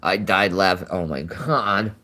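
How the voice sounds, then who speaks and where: Slow-talking woman chatting on a live stream. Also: very deep voice, bright, forceful tone. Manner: chatty, answers viewers' comments and coos to her pets. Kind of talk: casual live-stream chat.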